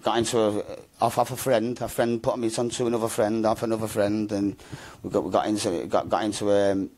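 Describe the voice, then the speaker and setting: A man's voice: lowish voice, flat delivery, fairly quick, darkish tone. A man telling his story in an interview, rambling and slangy, with a habit of repeating himself. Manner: rambling, slangy, repeats "mate" and "do you know what I mean". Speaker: interview guest.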